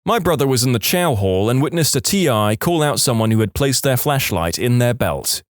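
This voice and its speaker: Lively man reading stories aloud. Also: medium pitch, normal speed, dry recording, clean studio sound. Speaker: podcast narrator. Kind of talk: storytelling reading of online posts.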